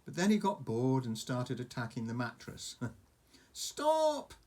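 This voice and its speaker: An older man, a grandfather, reading a storybook aloud to a grandchild with gentle chatty asides. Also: medium pitch, expressive, unhurried. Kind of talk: storybook reading over a message.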